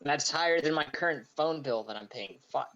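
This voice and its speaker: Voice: mid-range voice, normal speed, a bit bright, muffled recording. A player in a tabletop game who talks casually and swears offhandedly.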